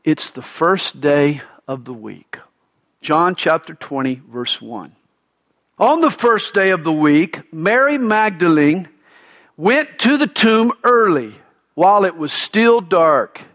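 High-voiced man preaching dramatically. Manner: dramatic, emphatic preaching with wide swings in pitch and loudness. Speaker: pastor. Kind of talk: sermon.

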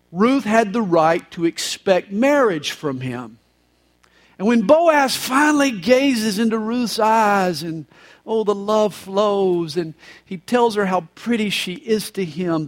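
Punning pastor with a high voice. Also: male voice. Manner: folksy punning humor. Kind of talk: sermon. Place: church service, live.

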